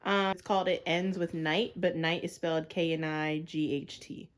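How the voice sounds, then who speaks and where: Female sister, casual, secretive and teasing, slightly low voice. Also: level tone, normal speed. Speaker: vlogger's sister. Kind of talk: casual chat.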